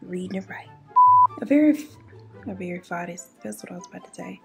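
A woman's voice: on the low side, lively intonation, fast, creaky, dark tone, soft background music. A woman, telling a true crime story in a casual, sassy way while doing her makeup at home. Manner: chatty, sassy asides. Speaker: beauty and true crime YouTuber.

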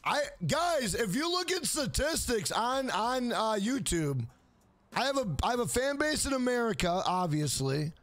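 A man's voice: very high-pitched, big pitch swings, measured pace, a bit bright, no room sound. A man live-streaming a video game, chatting casually with viewers in a rambling, profane way.

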